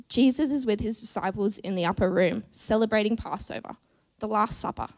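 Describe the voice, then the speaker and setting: A woman delivers a church sermon in a measured, earnest voice. Her pitch sits a little high, and she pauses deliberately between phrases. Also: darkish tone. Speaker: preacher.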